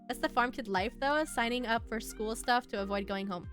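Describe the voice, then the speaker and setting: A woman's voice: on the high side, a bit bright. A young woman streaming, chatting casually and giggling as she reads and answers her chat. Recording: faint music behind.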